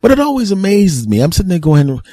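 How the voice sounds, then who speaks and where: A man's voice: sits high, quick pace, no room sound. A man hosting a podcast, telling a rambling, exasperated comic story as a solo monologue. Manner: rambling, animated, exasperated ranting. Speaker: podcast host. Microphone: close podcast mic.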